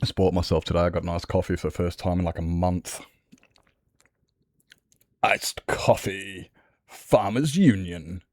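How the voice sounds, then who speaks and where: A man's voice: sits low, unhurried, pauses often, darkish tone, no room sound, clean studio sound. An Australian man chatting casually and swearing freely with his viewers as a livestreamer, rambling from one thought to the next.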